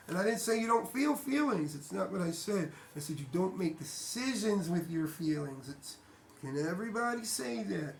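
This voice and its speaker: A man's voice: high voice, normal speed. A man giving a casual motivational monologue, talking bluntly and emphatically, swearing freely and repeating himself. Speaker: vlogger. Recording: echoey room.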